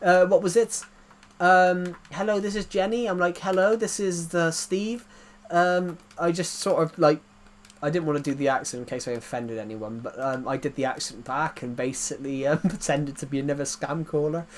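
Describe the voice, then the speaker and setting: A man's voice: on the high side, steady tone, normal speed. A man chatting casually while streaming a game, telling rambling anecdotes and laughing at his own jokes.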